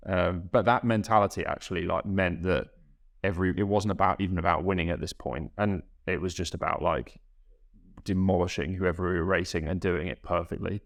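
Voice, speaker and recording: A young man, a guest rower, reflecting in a halting, self-correcting way in a casual podcast interview. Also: low voice, steady tone, creaky.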